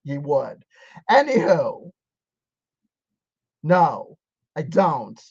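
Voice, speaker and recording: Sarcastic ranting man, somewhat high. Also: sing-song, extremely slow, creaky, a little mellow, husky, no echo. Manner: sarcastic, profane, heated. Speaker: commentator reacting to a video. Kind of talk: ranting video commentary. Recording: dull, dry sound.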